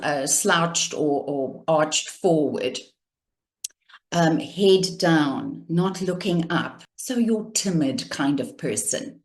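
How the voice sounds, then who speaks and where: A female communication coach delivers an instructional talk at a measured, deliberate cadence, using her own voice to demonstrate intonation. Her voice sits in the mid range.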